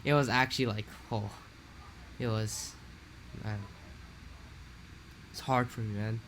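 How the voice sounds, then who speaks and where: A young man from Hawaii, telling a rambling, animated story in a casual podcast chat. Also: fairly low pitch, takes it slowly, slight background noise. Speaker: podcast co-host.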